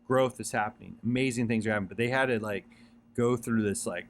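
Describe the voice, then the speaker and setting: A man with a fairly low voice gives a casual motivational monologue, talking fast. He's earnest but rambling, repeating himself and using lots of fillers and restarts.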